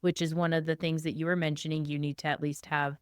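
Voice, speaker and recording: A woman realtor chatting in a relaxed, matter-of-fact way. Her voice is smooth and a little low, and it sounds dry and close. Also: fast, dry recording. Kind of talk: casual conversation.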